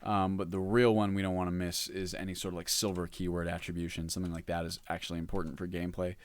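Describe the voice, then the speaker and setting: Low-voiced casual male streamer. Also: level tone, fast. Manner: rambling, reads chat aloud, hums while working. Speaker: modlist developer streamer. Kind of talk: casual livestream chat.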